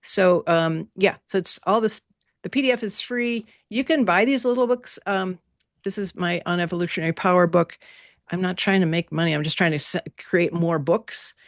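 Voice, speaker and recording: Animated woman teaching an online class. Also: on the low side, normal speed, no room sound, studio quality. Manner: animated, playful, repeats key words. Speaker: workshop teacher. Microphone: video call.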